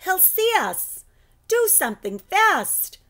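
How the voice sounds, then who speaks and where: A woman doing a high, alarmed schoolgirl. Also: very animated, slow pace, heavily acted. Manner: urgent and alarmed.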